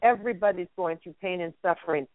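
Over a tinny phone line, a woman with a lowish voice talks fast as a guest radio host in an inspirational phone interview. She is effusive and encouraging in a spiritual, uplifting way, and there's no echo.

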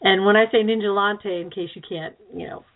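A woman co-hosting a loose radio chat, talking at an everyday pitch with plenty of laughs and the odd curse. Her voice comes through a thin, phone-like line. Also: fairly even intonation, fairly quick. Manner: rambling, laughs often, swears. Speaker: co-host.

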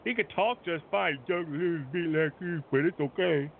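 A man doing a quick impression of a fellow male wrestler, speaking high, soft and drawn out to calm someone down. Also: creaky. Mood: placating. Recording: tinny phone-like line, faint noise.

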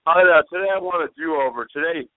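A man's voice: on the high side, fast, dry recording. A man hosting a casual talk show, telling weary complaints about his bad day. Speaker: radio host. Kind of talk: casual podcast chat. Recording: thin phone-like dry sound.

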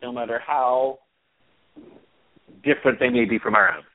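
A man co-hosting a podcast, joining in with lively, giggly banter. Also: medium pitch, moderate pace. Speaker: podcast co-host. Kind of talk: casual gossipy chat. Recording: tinny phone-like line.

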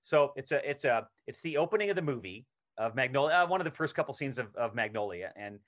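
A man's voice: mid-range voice, fast talker. A middle-aged male actor, a podcast guest, telling a story in casual conversation and acting out the lines he quotes. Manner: animated anecdote telling, acts out quoted lines.

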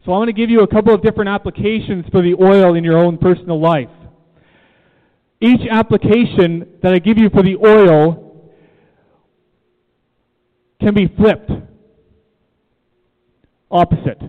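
Speaking a little slowly and pausing often, a man whose voice sits high preaches to a room, emphatic and repetitive, questioning his audience. The church room setting comes through in long reverb, and the sound is tinny like a phone.

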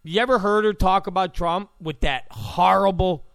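A man's voice: high-pitched, moderate pace, vocal fry, few pauses, a bit bright, no room sound. A man hosting a talk radio show, ranting in a sarcastic, mocking, abrasive tone.

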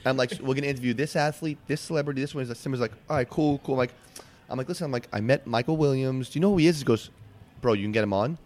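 A man hosting a casual podcast, talking excitedly and rushing through his sentences with frequent restarts. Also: mid-range voice. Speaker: podcast host.

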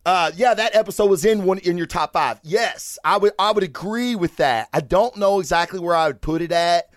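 Podcast host, male, higher pitch, dry room; profane animated rambling rant. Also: moderate pace, no room sound. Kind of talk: casual solo podcast rant.

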